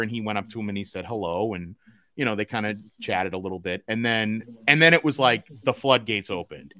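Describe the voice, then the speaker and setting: A male podcast host, chatting casually and spinning a lively story. He laughs often and slips into the voices of the people he quotes. His voice sits in an ordinary middle range. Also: medium pitch. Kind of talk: casual chat.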